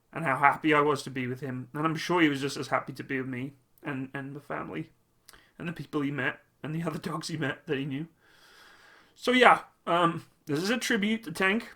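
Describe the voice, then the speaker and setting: A man speaks to his channel's viewers in a personal vlog tribute. His voice is bright and forceful in tone, but his delivery is halting and emotional, full of pauses and restarts. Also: fairly high pitch. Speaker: channel host.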